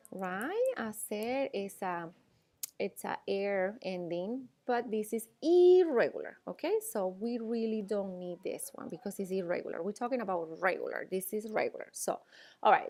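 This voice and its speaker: Patient woman teaching, checking in often. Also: mid-range voice. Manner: explains slowly with frequent "okay?" and "all right?" checks. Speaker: Spanish teacher. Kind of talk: classroom lecture.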